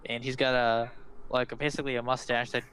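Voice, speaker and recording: A man's voice: mid-range voice, level tone, fast, fairly bright tone, slight background noise, rough recording. A man narrating as game master in a tabletop game, describing scenes loosely with many fillers.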